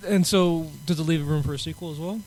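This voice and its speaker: A man's voice: a little high, fast, a crowd in the background, low-quality recording. A man co-hosting a casual movie podcast, explaining in a rambling way. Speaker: podcast co-host. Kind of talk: casual chat.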